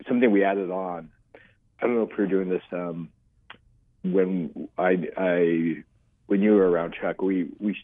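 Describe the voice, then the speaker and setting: A man's voice: deep voice, husky. An older man, a guest author, telling stories earnestly in a rambling way, with many restarts. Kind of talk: casual interview chat. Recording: phone-like call line.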